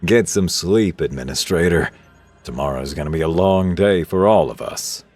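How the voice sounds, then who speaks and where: A man's voice: deep voice, moderate pace, darkish tone, no room sound, soft background music. A man voicing a veteran drill instructor who talks in clipped, dry, unimpressed lines. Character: gruff veteran male drill instructor, unflappable.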